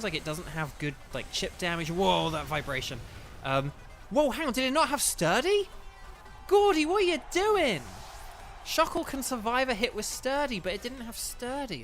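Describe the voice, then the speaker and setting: A man commentating his own gameplay live, excitable and chatty, often exclaiming and speaking to chat. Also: a little high. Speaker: gaming video host.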